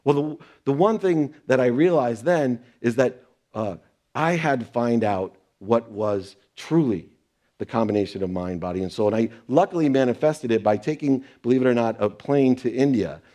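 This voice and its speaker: A man's voice: mid-range voice, moderate pace, dark tone. Earnest man telling a personal story. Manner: earnest, acts out quoted exchanges. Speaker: speaker sharing personal lessons. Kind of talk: motivational storytelling talk.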